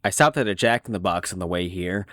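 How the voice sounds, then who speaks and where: A man voicing a cynical, washed-up middle-aged male horse in a fan dub of an animated series, talking in a sardonic, rambling, self-deprecating way. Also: deep voice, quick pace, no echo, clean studio sound. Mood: bitter.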